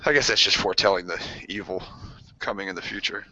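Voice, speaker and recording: A man on a podcast telling stories casually, animated and swearing freely, acting out screams and voices as he goes. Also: sits low, quick pace, no echo. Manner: swears freely, restarts sentences. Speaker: podcast co-host. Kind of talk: casual storytelling among friends. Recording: dry, dull lo-fi podcast audio.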